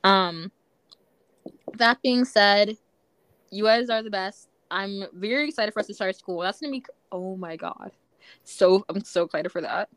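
A young woman co-hosting a podcast in casual chat, talking fast with lots of "like" fillers. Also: mid-range voice, fairly bright tone, no echo. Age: young adult. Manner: chatty, many "like" fillers. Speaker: podcast co-host.

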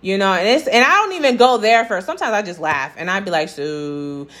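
A young woman vlogger tells her viewers a dating-app story, reading the text messages aloud as she goes. Her mid-range voice is expressive, fairly quick, and a bit bright, and her storytelling rant is blunt, sassy, and profane.

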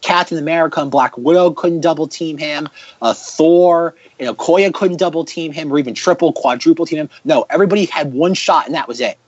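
A man's voice: on the high side, husky, no room sound. Man, podcast host, sarcastic rant, dull lo-fi sound. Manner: ranting, sarcastic, fast bursts. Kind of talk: casual podcast chat.

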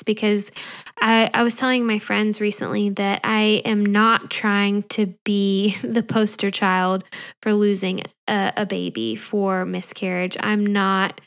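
A young woman hosting a podcast, speaking candidly and tenderly, pausing often with small soft laughs. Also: mid-range voice. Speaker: podcast host. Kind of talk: personal podcast monologue.

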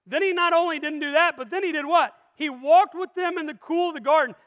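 A pastor preaching a sermon in a church sanctuary, energetic and full of rhetorical questions to the congregation. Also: male voice, very high voice, fairly quick. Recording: long reverb of a large hall.

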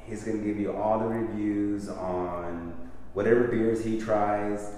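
A man's voice: on the low side, steady tone, measured pace, mellow. A man hosting a casual chat, laid-back and swearing freely. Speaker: podcast host. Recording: very echoey room, faint noise.

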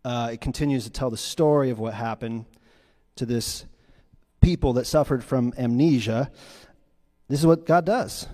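A man's voice: mid-range voice, normal speed, long pauses. Man preaching in a reverberant hall. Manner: animated storytelling, swings from loud to hushed. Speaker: pastor. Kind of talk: sermon. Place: church sanctuary.

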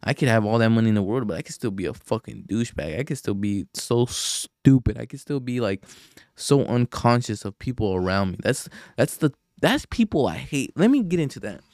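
A man's voice: medium pitch, lively intonation, brisk, darkish tone, dry recording, clean studio sound. A young man hosting a podcast, rambling in a casual rant full of profanity, sighs and fillers. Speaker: podcast host.

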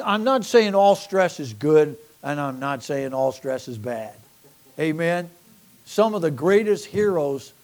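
A man's voice: sits high, a little mellow. A man preaching a sermon to a congregation, asking for amens, reading scripture aloud in old King James wording, often repeating and restarting his words with chuckling asides.

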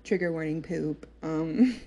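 A woman's voice: low-pitched, measured pace, mellow. A young woman casually recounting her birth story in a chatty, emotional way, with lots of fillers.

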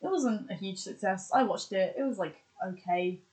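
A woman's voice: medium pitch, normal speed, a little mellow, poor audio. A woman in casual podcast chat, running through examples with lots of fillers and restarts. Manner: chatty, lists examples with many fillers and restarts. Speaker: podcast co-host.

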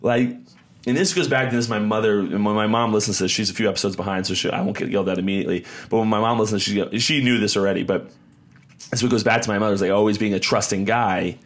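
A man's voice: lowish voice, fairly even intonation, fast talker. A young man hosting a podcast, telling a story in a rambling, casual way, often repeating words and acting out quotes. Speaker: podcast host.

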